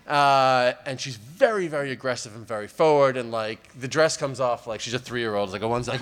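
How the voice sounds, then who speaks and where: Stand-up comic, male, mid pitch, wry and rambling, lots of "you know", faint hiss on the recording. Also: fairly quick, few pauses, fairly bright tone. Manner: rambling, filler-heavy, wry. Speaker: stand-up comedian. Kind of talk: stand-up storytelling.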